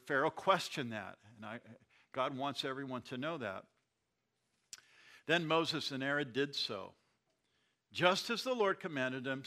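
A pastor walks his congregation through a Bible passage in a bright, forward voice. He often repeats a word or restarts a phrase as he explains. The delivery is conversational teaching. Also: medium pitch. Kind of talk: Bible study sermon.

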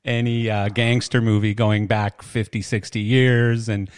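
A man's voice: on the low side, little pitch movement, measured pace, clear, resonant tone, no room sound, studio quality. An older man hosting a podcast in a rambling, self-deprecating, chatty way. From Canada. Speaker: podcast host. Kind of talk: casual podcast chat.

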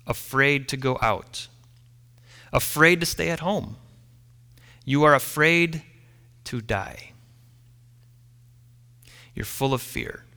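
A man preaching a sermon, retelling a story with dramatic pauses and letting line ends fall quiet. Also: fairly high pitch, in a large hall. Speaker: pastor.

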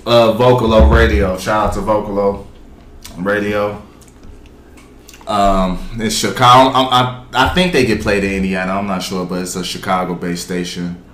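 A man's voice: lowish voice, fairly even intonation, moderate pace, fairly bright tone, echoey room. A man co-hosting a podcast in easygoing, slangy casual chat, laughing often. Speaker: podcast co-host.

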